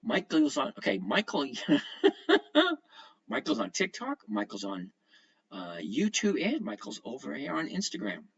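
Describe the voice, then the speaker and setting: Male livestream host, casual and lively, reads out chat, dull low-fi sound. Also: a little slow, vocal fry. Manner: chatty, greets viewers by name, reads comments aloud. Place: at home.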